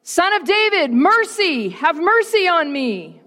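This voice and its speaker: A woman voicing a desperate blind male beggar who cries out and pleads loudly for help. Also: very high voice, sing-song, slow, long reverb tail, pitched above the performer's own voice, full character voice. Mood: pleading.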